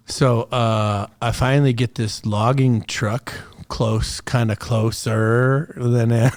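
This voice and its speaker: A man's voice: medium pitch, fairly even intonation, takes it slowly, few pauses, no echo, clean studio sound. A middle-aged man from the United States, a podcast guest telling war stories in a casual, profane, rambling way with many fillers. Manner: profane, laid-back storytelling with lots of fillers. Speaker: podcast guest, retired special operations soldier. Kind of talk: casual storytelling interview.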